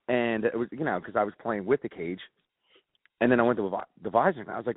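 A man's voice: mid-range voice, lively intonation, quick pace, breathy edge, no echo. A man in his forties chatting casually, teasing and swearing in a laid-back way. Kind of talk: casual chat. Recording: dry, phone-like narrow sound.

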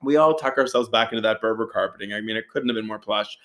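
A man telling a wild story to friends in a casual, profane, animated way, acting out the quoted lines with big jumps in his voice. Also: lowish voice, fast, very noisy.

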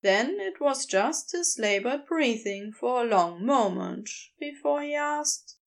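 A woman narrating a story in a lively, expressive voice that rises and falls a lot. She sits fairly high and takes her time over the words. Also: slow, gravelly. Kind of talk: scripted narration.

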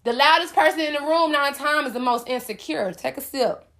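A woman's voice: high-pitched, fairly quick, bright, forceful tone. A woman hosting a solo podcast, preaching at her listeners with sass and speaking directly to them. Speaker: podcast host.

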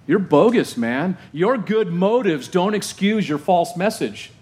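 A man's voice: high voice, sing-song, a little slow, darkish tone. A male pastor preaching a sermon in an emphatic, conversational way, often asking his congregation questions.

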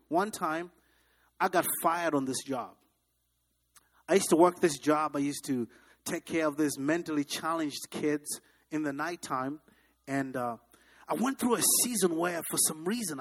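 Pastor, man from Africa, middle-aged; lively sermon storyteller with a raised voice. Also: a little high. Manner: animated, dramatic, asks the congregation questions.

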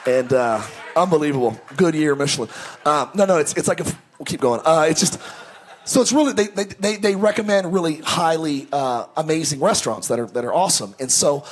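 A male pastor telling stories in a sermon, animated and joking, often stumbling and restarting his words. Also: on the high side, fairly quick. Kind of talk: sermon storytelling.

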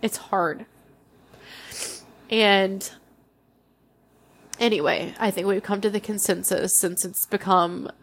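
Gravelly-voiced young woman sharing candidly. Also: medium pitch. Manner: candid, emotional, halting with restarts. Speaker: podcast host. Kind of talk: personal solo podcast.

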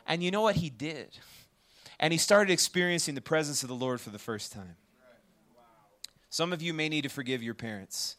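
A man preaching a sermon to a campus ministry gathering, conversational and animated, often checking in with the audience with questions. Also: on the high side, moderate pace.

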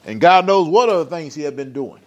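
A man's voice: a little high, expressive, fairly quick, muffled recording. A man hosting a podcast, ranting bluntly in slangy, profane casual talk with heated rhetorical questions. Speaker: podcast host.

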